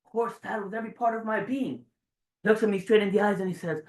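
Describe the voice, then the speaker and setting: A man in his forties giving a motivational speech to a live audience, dramatic and swearing, jumping between loud bursts and hushed low lines. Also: fairly even intonation, fast, distant mic. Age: 40s. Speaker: motivational speaker. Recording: roomy sound from away from the mic.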